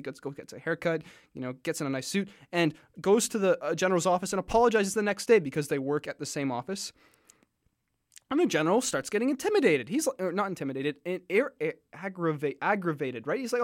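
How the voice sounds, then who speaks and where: A man's voice: high voice, expressive, a little fast, no echo, studio quality. A man casually retelling a story, full of fillers, restarts and jokey asides.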